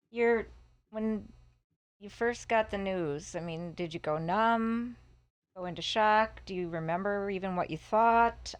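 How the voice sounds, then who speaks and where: A woman co-hosting a podcast, asking gentle, probing questions. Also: fairly low pitch. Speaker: podcast co-host. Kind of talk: interview questions.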